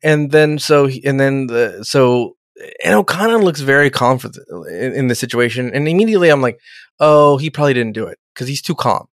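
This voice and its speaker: A man's voice: medium pitch, animated, a little fast, no room sound, clean studio sound. A man recapping a TV episode in casual chat, rambling and swearing as he acts out the characters' voices.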